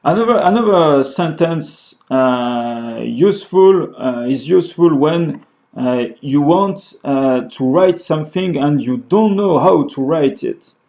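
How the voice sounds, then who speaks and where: A man teaching beginner phrases, halting with many fillers and restarts, in a lo-fi recording. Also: on the high side, expressive, darkish tone. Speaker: French teacher. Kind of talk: beginner language lesson. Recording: dull lo-fi sound.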